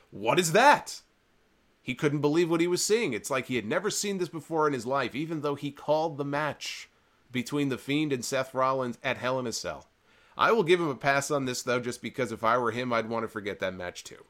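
A man's voice: mid-range voice, a bit bright. Opinionated man recapping wrestling. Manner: opinionated, sarcastic, rambling. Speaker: wrestling show host. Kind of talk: live-streamed wrestling recap and commentary.

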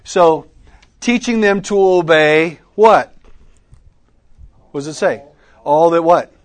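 A man's voice: a little high, slow. Man quizzing a workshop. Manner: interactive, quizzing the audience with questions; Southern "y'all" in speech. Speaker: teacher at a ministry workshop. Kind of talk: teaching session. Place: conference room with a live audience.

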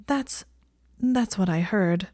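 A woman's voice: medium pitch, slow pace, a little mellow, no room sound, clean studio sound. A woman voicing an anxious, embarrassed young witch who speaks hesitantly. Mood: flustered.

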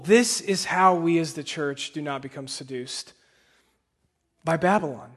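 A man delivers a sermon in a church, earnest and at times impassioned. His voice sits high for a man and he takes his time. The sound carries the long reverb of a large hall. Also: a little slow. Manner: earnest, rising to impassioned pleading. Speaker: pastor. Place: church sanctuary.

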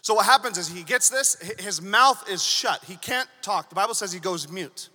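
A male pastor preaches with a playful, animated flair. His voice sits very high and sounds bright and piercing. Long reverb carries through the church hall. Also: normal speed. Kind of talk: sermon.

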